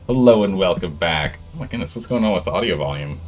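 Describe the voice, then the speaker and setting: A man's voice: low voice, animated, quick pace, faint music behind. A man streaming a game, chatting casually with viewers while fiddling with his microphone levels. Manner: chatty, distracted while fixing audio levels. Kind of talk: casual live-stream chat. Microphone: studio microphone with gain control.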